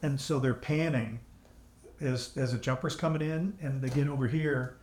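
A man of middle pitch recounts his army days at a calm, measured pace, with a dry edge. His voice rings in an echoey room, and the audio has been pieced back together after technical trouble. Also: a little hiss or hum. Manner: measured, vivid anecdotes with dry humor. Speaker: podcast guest, veteran. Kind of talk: conversational storytelling.

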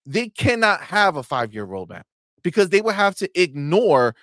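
Animated, trash-talking male stream co-host. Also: sits high, moderate pace, dry recording, studio quality. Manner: reads viewer chat aloud. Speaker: co-host of a gaming talk stream. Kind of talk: casual livestream banter.

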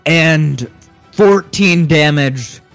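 A man narrating a tabletop game as game master, unhurried and hesitant with fillers. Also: fairly high pitch, a bit bright, soft background music.

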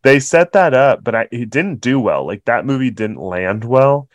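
Emotional, excited man telling a story. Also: mid-range voice, normal speed, dry recording, muffled recording. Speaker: podcast co-host. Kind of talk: casual chat.

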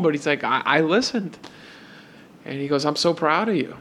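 A man co-hosting a podcast, telling a story in a casual, animated way and acting out both sides of the conversation. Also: fairly high pitch, moderate pace. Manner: animated retelling with repeated "and I'm like". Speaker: podcast co-host.

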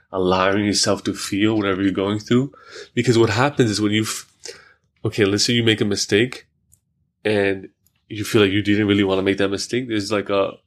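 A man hosting a podcast, talking casually and reflectively, with lots of fillers and worked examples. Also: fairly low pitch. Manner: reflective, many fillers, talks through examples. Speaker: podcast host. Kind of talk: casual conversation.

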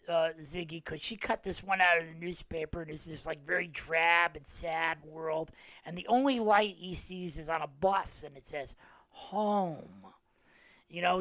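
A man's voice: sits high, a bit bright, no echo. A middle-aged man hosting a podcast, casually retelling holiday specials and acting out the quoted lines, with many fillers. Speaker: podcast host.

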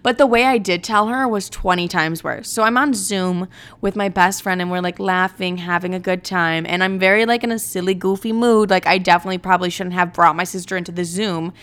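A young woman hosting a podcast, telling stories in a brash, profane, animated monologue. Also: lowish voice, brisk, clean tone. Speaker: podcast host. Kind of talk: casual storytelling monologue.

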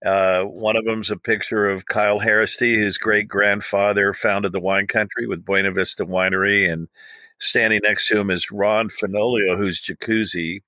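A man's voice: lowish voice, level tone, moderate pace, sharp tone, no echo. A man guesting on a podcast who talks in a rambling, hesitant but enthusiastic way. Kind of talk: casual chat.

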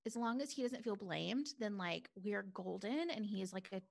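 Candid woman with a gravelly edge. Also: mid-range voice, animated, normal speed. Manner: candid, reflective, many "like" fillers. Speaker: guest. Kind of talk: casual conversation.

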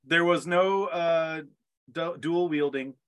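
Bright, slow-talking podcast co-host man. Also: a little high, clean tone. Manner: playful, jokey. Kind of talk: casual podcast chat.

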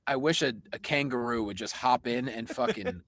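A man's voice: mid-range voice, moderate pace, a bit bright, dry recording, clean studio sound. A man from Pennsylvania co-hosting a casual comedy podcast, telling rambling stories and laughing often. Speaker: podcast co-host.

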